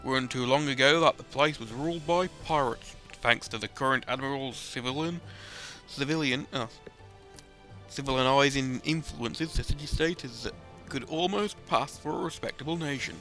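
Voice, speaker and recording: A gruff, chatty sea-dog with a rough put-on seafaring accent, as a man reads the game lines in character. His drawl is folksy and bright-edged, with soft game music beneath. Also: medium pitch, normal speed. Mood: storytelling. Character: gruff, chatty adult male sailor. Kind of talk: reading game dialogue aloud in character.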